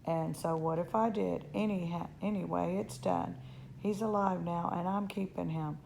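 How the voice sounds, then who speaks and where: A woman's voice: on the low side, fairly even intonation, moderate pace, gravelly, darkish tone, slight background noise, low-quality recording. A woman voicing a possessive, boastful young boy in a storybook reading, with a whiny, bossy way of talking.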